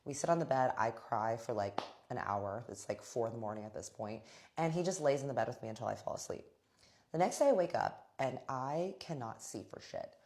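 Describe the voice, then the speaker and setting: A young adult woman telling a personal story to her viewers in a casual, animated way, quoting others in her own voice. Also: very deep voice, brisk. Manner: animated, acts out quoted friends in her own voice, frequent "like". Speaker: storytime vlogger.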